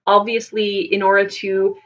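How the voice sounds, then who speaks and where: A woman voice teacher talks through singing technique for viewers in an unhurried, patient way, often pausing and rephrasing as she thinks. Her voice sits in an ordinary middle pitch. The recording is a bit dull and lo-fi. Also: level tone. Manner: thoughtful, many ums and restarts, explains patiently. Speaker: voice teacher answering viewer questions. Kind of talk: live Q&A teaching. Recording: slightly dull lo-fi sound.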